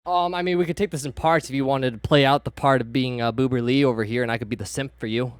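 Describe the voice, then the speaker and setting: A man co-hosts a stream in loose, profane chat that keeps getting animated. His voice sits at a middle pitch. He sounds close to the mic, with no room around him. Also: fast, clean tone, dry recording. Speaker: co-host.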